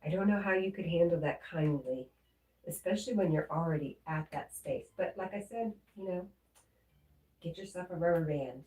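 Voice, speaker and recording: A woman hosting a livestream, reading viewers' messages aloud and answering them in a gentle, comforting way. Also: lowish voice, moderate pace. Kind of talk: casual livestream chat. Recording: roomy echo, mic at a distance.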